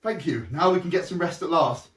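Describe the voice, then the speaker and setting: Man playing grumpy tired head nun, brisk, low, roomy echo. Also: far from the mic, close to an everyday voice. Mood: grumbling. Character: tired, grumbling older nun in charge.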